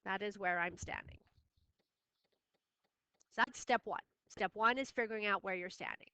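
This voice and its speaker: A woman's voice: medium pitch, moderate pace, sharp tone, smooth, no echo. A woman teaching a math lesson, firm and repeating key steps for her students. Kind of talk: classroom lesson recording.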